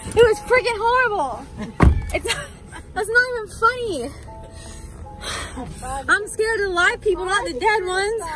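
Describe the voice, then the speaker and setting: Very high-voiced, excitable young woman vlogging. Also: unhurried, pauses often, over music, rough recording. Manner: excitable, jumpy, laughs nervously. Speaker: paranormal vlogger. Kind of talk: casual vlog commentary. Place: outdoors in a cemetery. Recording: outdoor ambience and passing vehicles.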